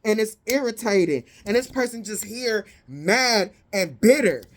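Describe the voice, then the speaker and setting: A woman giving a casual tarot reading, blunt, profane and sassy, with animated indignant peaks. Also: medium pitch, a little slow. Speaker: tarot reader.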